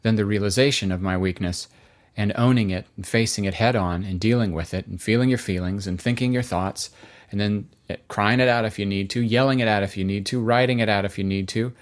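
A man's voice: lowish voice, fairly even intonation, a little fast. A man in his thirties giving a devotional talk, earnest and conversational, telling stories. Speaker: Christian speaker.

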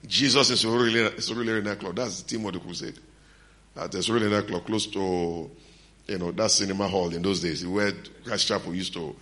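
A middle-aged male preacher with a low voice and a bright, forceful edge. He tells stories from the pulpit and acts out the lines of the people in them. He laughs now and then between lines. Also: steady tone, a little fast. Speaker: pastor. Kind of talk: sermon.

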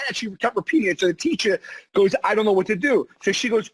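High, husky man telling an anecdote. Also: fast, rough recording. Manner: animated anecdote-teller who stresses he is not kidding. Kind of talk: casual chat.

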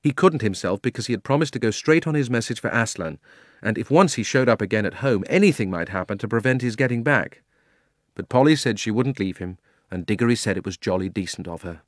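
A man's voice: fairly low pitch, animated, no room sound. Man narrating a storybook, dry and close. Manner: measured storytelling. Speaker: audiobook narrator. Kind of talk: scripted narration.

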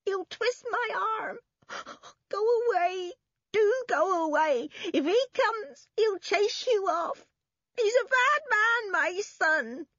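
A woman's voice: on the low side, animated, slightly rough, no room sound, dull audio, exaggerated voice. A woman voicing a mumbling, witch-like old woman who is frightened and tearful, in a storybook reading. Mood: weeping. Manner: slow, mumbling, wailing.

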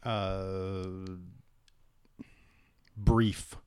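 A man's voice: low voice, little pitch movement, extremely slow, a little mellow, clear, resonant tone. A man in a casual group chat, making dry jokes and hesitating with fillers before his answers. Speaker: podcast co-host.

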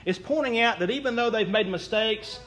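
A man's voice: high-pitched, brisk, fairly bright tone. A young man preaching a sermon as a pastor, folksy, earnest and self-deprecating.

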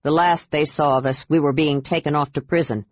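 A woman voicing a calm, firm male half-elf leader in an audiobook. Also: deep voice, a little fast, dry recording. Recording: dull dry audiobook recording.

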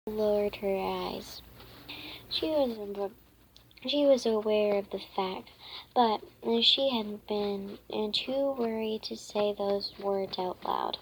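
A woman's voice: mid-range voice, a little hiss or hum. A woman reading a children's storybook aloud, stumbling and correcting herself often. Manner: halting, frequent self-corrections. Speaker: reader.

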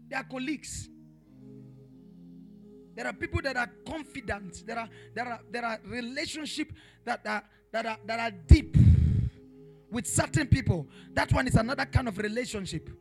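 A male pastor preaching a sermon in church, emphatic and repetitive, with rhetorical questions and bursts of tongues. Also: very high-pitched. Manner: preaching with rising shouted passages and speaking in tongues. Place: church in Pretoria.

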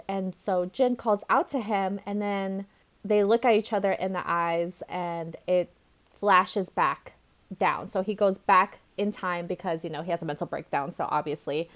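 A woman co-hosting a casual chat show, recounting a comic chapter with slangy asides. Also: medium pitch. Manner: chatty storyteller, slangy asides. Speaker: podcast co-host. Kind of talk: casual chat, recapping a webcomic.

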